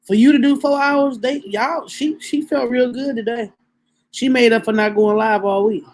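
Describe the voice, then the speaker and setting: High-voiced woman chatting on a livestream. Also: moderate pace, darkish tone. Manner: chatty, greets viewers by name one after another. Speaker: livestream host. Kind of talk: casual livestream chat.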